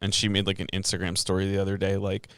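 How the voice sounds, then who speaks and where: Deep-voiced young man, joking podcast host. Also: fast, smooth, dry recording. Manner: relaxed, joking, uses "like" a lot. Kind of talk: casual chat.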